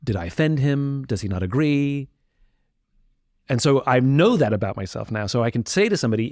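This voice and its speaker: A man appears as a podcast guest, talking candidly and reflectively in conversation and sometimes acting out the voices of people he quotes. His mid-range voice is sing-song, fairly quick, and darkish in tone. The sound is dry and close, with no room echo.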